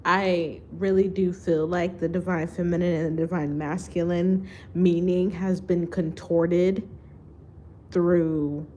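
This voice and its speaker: Slow, deliberate woman giving spiritual talk. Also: on the low side, flat delivery, warm tone, slight background noise. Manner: slow, deliberate, with long pauses and restarts. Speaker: spiritual reader and vlogger. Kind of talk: unscripted spiritual monologue to camera.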